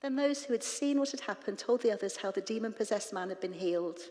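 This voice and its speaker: A woman preaching in church, retelling scripture with lively, animated asides to the congregation. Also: mid-range voice, quick pace. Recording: reverberant church hall.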